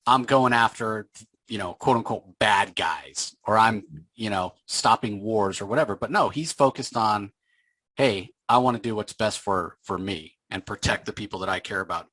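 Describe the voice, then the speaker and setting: A man hosting a casual comic book discussion, retelling scenes and acting out the characters' lines in quick voices. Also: lowish voice, a bit bright, no echo. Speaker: podcast host.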